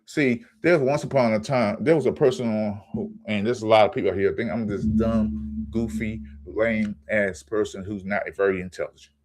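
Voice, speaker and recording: A low-voiced man rants about sports on his own channel. He talks in a heated, profane way, stumbling and repeating words as his anger builds. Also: fairly even intonation, moderate pace, darkish tone. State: angry. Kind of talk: ranting sports commentary.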